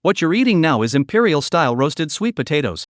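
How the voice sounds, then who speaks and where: A greedy middle-aged street vendor, pushy and indignant as he haggles, read out by a man. The voice sits fairly high and swings lively up and down, recorded close and dry. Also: brisk, no echo.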